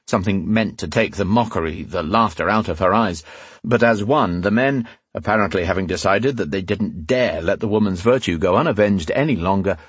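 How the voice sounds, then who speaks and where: A man reading a fantasy audiobook aloud in steady, scripted narration. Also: low-pitched, husky, dry recording.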